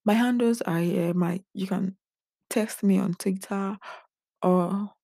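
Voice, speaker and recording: A woman's voice: mid-range voice, fairly even intonation, takes it slowly, vocal fry, mellow, dry recording, clean studio sound. A young woman, talking candidly to her viewers in a personal vlog and sounding emotionally drained. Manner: earnest and confiding, talks straight to viewers. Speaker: vlogger.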